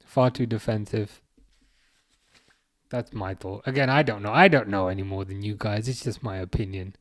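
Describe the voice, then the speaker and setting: A man's voice: lowish voice, moderate pace, dry recording, studio quality. Man hosting a chat stream. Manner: hesitant, lots of fillers and restarts. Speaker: livestream host. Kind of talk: casual chat reading viewer comments.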